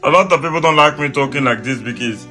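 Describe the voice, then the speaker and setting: Man, bright tense voice, halting banter, soft guitar behind. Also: on the high side. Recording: guitar music underneath.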